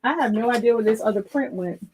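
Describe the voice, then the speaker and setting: This woman has a fairly high voice. She runs her own printing business and talks through a hands-on craft demo in a loose, chatty way, thinking aloud and correcting herself mid-sentence as she goes. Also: quick pace, darkish tone, a little hiss or hum. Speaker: small business owner demonstrating sublimation printing. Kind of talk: casual live demo while working.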